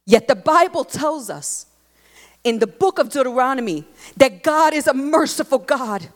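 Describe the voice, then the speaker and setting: A woman preaching a sermon, expressive and emphatic, leaning into repeated phrases. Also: sits high, normal speed. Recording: long hall reverb.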